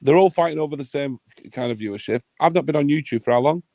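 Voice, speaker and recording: A man's voice: fairly high pitch, fast, warm tone, dry recording. A man hosting a livestream, ranting in a heated, sweary, blunt way. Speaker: livestream host.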